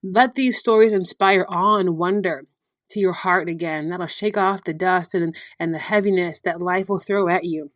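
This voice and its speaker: A woman hosting a devotional podcast, retelling Bible stories in a lively storytelling way with frequent laughter. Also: fairly low pitch, moderate pace, dry recording, clean studio sound. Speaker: podcast host.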